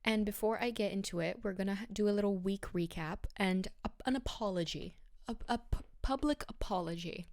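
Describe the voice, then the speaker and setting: A woman's voice: medium pitch, a little fast, darkish tone, no echo, clean studio sound. A young woman from Bulgaria hosting her own podcast in casual, rambling, self-deprecating chat, a little out of breath. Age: young adult. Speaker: podcast host.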